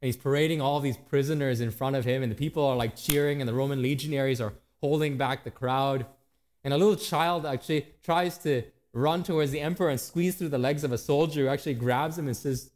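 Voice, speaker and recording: A man in his thirties preaching a sermon to his church, animated and rising and falling in pitch and volume. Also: fast. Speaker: pastor.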